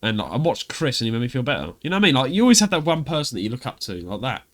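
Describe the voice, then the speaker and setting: A man's voice: mid-range voice, big pitch swings, racing, fairly bright tone. A young British man hosting a casual podcast chat, rambling and laughing often as he tells stories. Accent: British English. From Britain. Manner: chatty, rambling, laughs often, puts on voices when quoting others. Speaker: podcast host.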